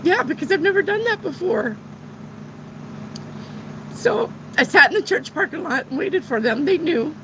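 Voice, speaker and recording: A woman's voice: very high voice, lively intonation, normal speed, long pauses, bright, forceful tone, a little hiss or hum, rough recording. A middle-aged woman who reads tarot, telling a personal story in a casual, rambling way and swearing freely. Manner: frank and profane, rambling retelling. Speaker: tarot reader.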